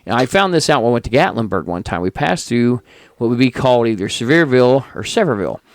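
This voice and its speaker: A man's voice: mid-range voice, fast talker, no echo. A middle-aged man from Indiana, co-hosting a podcast, telling rambling anecdotes with a lot of tangents. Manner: tangent-prone, animated anecdotes with quoted voices. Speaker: podcast co-host. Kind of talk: rambling casual chat, storytelling.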